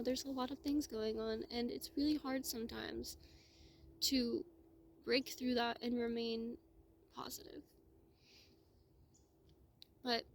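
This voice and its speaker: Slow, emotional woman on the verge of tears. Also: a little high, a little hiss or hum. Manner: heartfelt, slow, drifting into soft whispers. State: close to tears. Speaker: spiritual vlogger. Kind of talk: emotional personal monologue.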